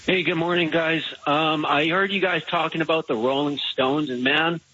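A man's voice: on the high side, steady tone, moderate pace, sharp tone, breathy edge, dry recording. A man calling in to a sports radio show, rambling a little as he talks. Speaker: caller. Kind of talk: phoned-in radio chat. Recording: slightly muffled radio line.

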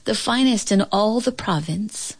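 A brave little village girl speaks up earnestly and politely in a storybook, as a woman reader puts her on. Her voice is lifted well above the reader's own and stays gentle. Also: mid-range voice, expressive, a little slow, breathy edge, voice pushed up.

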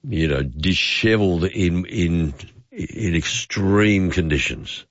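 A man hosting talkback radio, taking callers and reflecting with them in a measured, easy way. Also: low-pitched, no room sound. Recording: muffled lo-fi broadcast sound.

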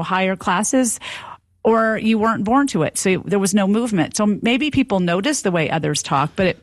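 A woman's voice: mid-range voice, dry recording. Woman professor explaining in a dry studio. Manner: fluent, lecturing, with fillers. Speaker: professor and guest expert. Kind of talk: explanatory interview talk.

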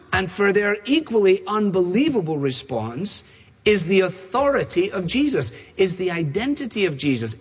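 A man's voice: high voice, husky. A man preaching a sermon, emphatic and building his points with repeated phrases, in a large church. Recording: long reverb of a large hall.

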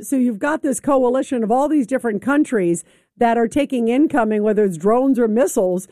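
High-voiced opinionated woman radio host. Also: a little mellow, no room sound, clean studio sound. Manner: opinionated, talks over the caller. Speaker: radio talk show host. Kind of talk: political call-in radio talk.

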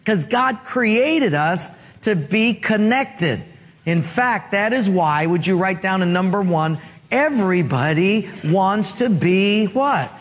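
A man's voice: high voice, expressive, slow pace. A man preaching a sermon as pastor, telling stories and asking the congregation questions, heard with long hall reverb. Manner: storytelling, asks the congregation questions.

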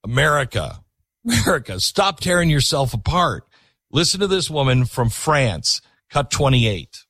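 Male show host, emphatic commentator, lively pitch, dry booth sound. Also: a little slow, slightly rough, no echo. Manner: emphatic, repeats phrases for effect. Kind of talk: commentary on played clips.

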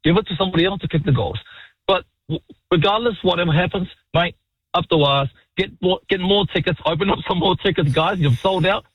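A man calling a sports radio talkback show, blunt and excitable, swearing freely and calling everyone mate. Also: high-pitched, a little fast, slightly rough, dry recording. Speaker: caller. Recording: muffled phone line, dry.

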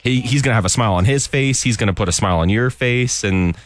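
A man's voice: mid-range voice, quick pace, no echo. A man from an animal shelter chatting on a radio show, upbeat and chatty, laughing often. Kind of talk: casual radio chat.

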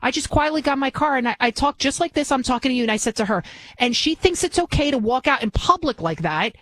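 A woman's voice: sits high, lively intonation, fast talker, fairly bright tone, poor audio. A woman in her forties hosting talk radio, telling a story in an indignant, ranting manner. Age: 40s.

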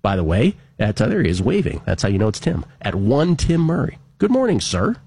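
A man hosting a sports betting radio show with a husky, slightly rough voice. He talks casually and reads listener messages aloud, dropping wry little asides between them. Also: on the low side, huge pitch swings, fairly quick, warm tone, no room sound.

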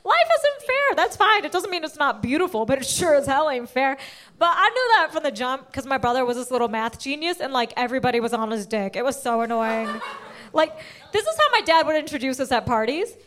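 A woman's voice: sits high, expressive, fairly quick, fairly bright tone. A woman doing brash, self-mocking stand-up storytelling. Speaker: stand-up comedian. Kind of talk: stand-up comedy.

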